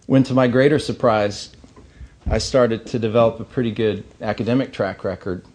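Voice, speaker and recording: Earnest low-voiced man giving a keynote. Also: fairly even intonation, moderate pace, a little mellow. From Missouri, USA. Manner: earnest, anecdotal with light humor. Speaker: keynote speaker. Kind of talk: ceremony speech. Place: banquet hall.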